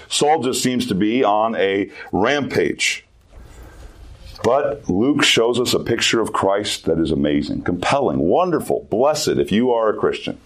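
Youth pastor, male, low-pitched; earnest emphatic sermon delivery. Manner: earnest, emphatic preaching with repeated phrases.

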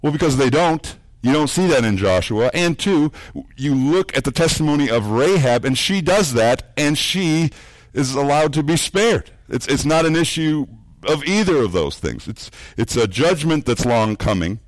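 A man preaching a sermon, earnest, repeating words as he builds points and dropping low and soft for emphasis. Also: animated, moderate pace, no echo. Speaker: pastor.

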